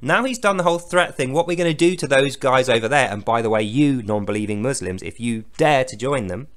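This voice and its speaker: A man's voice: medium pitch, lively intonation, fairly quick, a bit bright. A man giving sarcastic, profane commentary on a scripture reading. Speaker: host.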